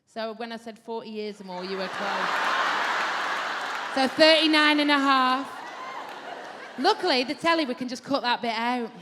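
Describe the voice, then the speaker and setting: A woman's voice: on the high side, moderate pace, pauses often, a crowd in the background, noisy background. A woman comedian doing live stand-up, teasing and bantering with the audience in a brash way. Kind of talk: live stand-up with crowd work. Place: large live theatre venue. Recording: live hall reverb with audience. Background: audience laughter.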